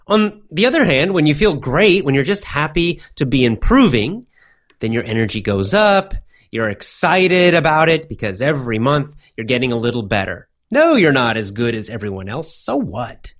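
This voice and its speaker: A man giving a motivational English lesson, speaking slowly in simple words and repeating himself often. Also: medium pitch, sing-song, fairly bright tone. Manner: slow, simple wording with many repetitions. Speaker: English teacher.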